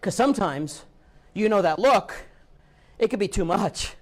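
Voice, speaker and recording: A man giving a live training talk to a room of real estate agents, lively, acting out what people say. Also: high-pitched, unhurried.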